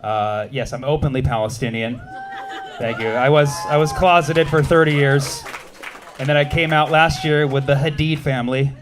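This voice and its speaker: A man's voice: medium pitch, steady tone, moderate pace, noisy background. A man in his thirties doing stand-up comedy on a club stage, teasing the crowd with a punchy, wry delivery. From United States.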